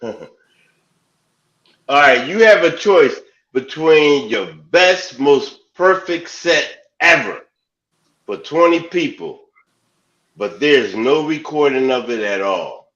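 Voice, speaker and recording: Bright-voiced man in a roomy room. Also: on the high side, lively intonation, slow pace, pauses often. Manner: laughing, acts out lines in a raised voice. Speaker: host. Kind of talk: casual comedy talk show banter. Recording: dull, roomy sound.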